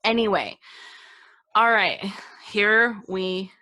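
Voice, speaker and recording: A woman's voice: mid-range voice, takes it slowly, sharp tone. A young woman co-hosting a podcast, chatting casually and laughing often as she sets up a story. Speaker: podcast co-host. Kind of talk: casual chat.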